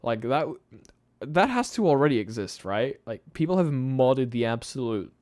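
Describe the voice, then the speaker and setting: A man's voice: mid-range voice, very animated, normal speed, a little mellow, no echo. Man, live-stream host, casual rambling chat, tired, laughing, dry close sound. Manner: rambling, chatty, laughs often, restarts sentences. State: tired late at night. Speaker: YouTube channel host.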